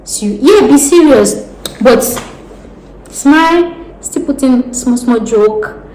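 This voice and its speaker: A Nigerian woman with a Nigerian accent, giving casual job advice in a vlog, animated and laughing often as she talks with her hands. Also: high voice, slow. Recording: roomy echo with faint background noise.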